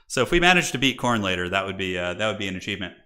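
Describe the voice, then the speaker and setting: A man's voice: low-pitched, racing. A man casting a live game tournament on his stream, chatty and chatting with viewers as he goes. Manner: animated, chatty, talks to viewers in chat.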